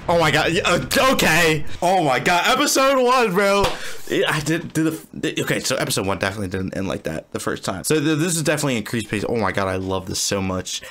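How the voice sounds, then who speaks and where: A man hosting an anime reaction video, talking in excitable, slangy bursts full of exclamations. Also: fairly high pitch, a little fast, soft background music. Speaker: anime reaction channel host. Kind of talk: live anime reaction commentary.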